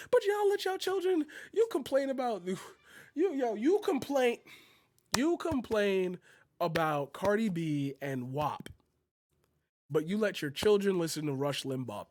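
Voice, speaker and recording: Heated, profane man ranting in a high voice. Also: animated, moderate pace, dry recording, studio quality. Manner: heated, profane, emphatic, repeats phrases. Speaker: channel host. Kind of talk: political rant vlog.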